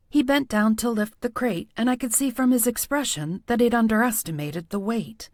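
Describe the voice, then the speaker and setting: A woman's voice: on the high side, expressive, normal speed, hardly any pauses, no echo. Woman narrating an audiobook, dry and close. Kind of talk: first-person scripted audiobook narration.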